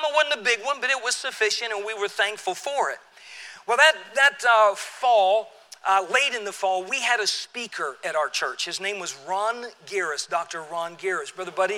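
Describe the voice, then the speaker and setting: A man in his sixties, a pastor, telling a personal story in a sermon with a relaxed, conversational manner and frequent restarts. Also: sits high. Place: church sanctuary. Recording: long church hall reverb.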